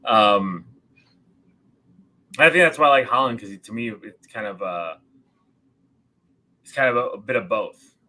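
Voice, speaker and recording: A man's voice: on the low side, measured pace, long pauses, sharp tone, poor audio. A man co-hosting a casual livestream chat, speaking hesitantly with many repeated words and restarts. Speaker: podcast co-host.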